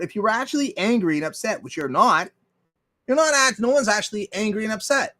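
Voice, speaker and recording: A high-pitched man with a fairly bright tone hosts a livestream of casual ranting commentary. He rants bluntly with profanity and reads viewer chat messages aloud.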